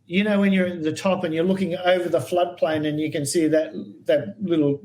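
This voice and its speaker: An Australian man tells stories in a podcast chat, his voice sitting a little high. He brings people to life by acting out what they said, and keeps the tale rolling. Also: fairly quick, rough recording. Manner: animated anecdotal storyteller, acts out quoted voices. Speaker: guest herpetologist. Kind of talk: storytelling in a podcast interview.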